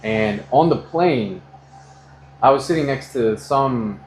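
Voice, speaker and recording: An American man chatting casually during a haircut, telling animated stories and swearing freely. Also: mid-range voice, takes it slowly, reverberant, a little hiss or hum, low-quality recording. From United States. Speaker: customer getting a haircut. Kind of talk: casual chat, storytelling.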